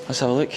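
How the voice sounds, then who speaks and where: A man's voice: on the low side, very noisy. A man, gushing and laughing as he vlogs a resort visit. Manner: excitable, gushing, laughs often. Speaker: vlogger. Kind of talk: casual vlog narration. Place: resort, indoors.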